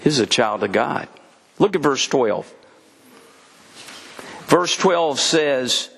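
An older pastor preaches slowly and deliberately, in a voice that climbs high and swoops widely as he drives his points home. He leans into folksy stories. His words ring out with a long reverb, as in a large hall. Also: animated, creaky, fairly bright tone, breathy edge. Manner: folksy storytelling preacher, voice rising and dropping for emphasis. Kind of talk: sermon.

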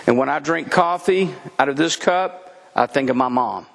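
This middle-aged pastor's sermon comes in a creaky voice on the high side at a moderate pace. He keeps it folksy and conversational, animated with laughs, and the audio has a long hall reverb.

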